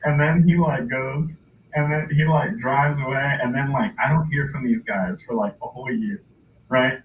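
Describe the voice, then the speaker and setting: A man's voice: medium pitch, normal speed. A man hosting a livestream, telling a story casually, with lots of laughter and "like". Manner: laughing, animated anecdote with filler "like". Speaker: livestream host. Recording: distant muffled mic with faint hiss.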